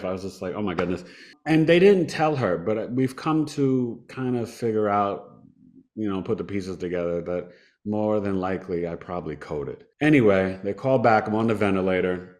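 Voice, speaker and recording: A man in his fifties, a podcast guest, telling a personal story in a conversational, animated way and laughing now and then. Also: lowish voice. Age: 50s.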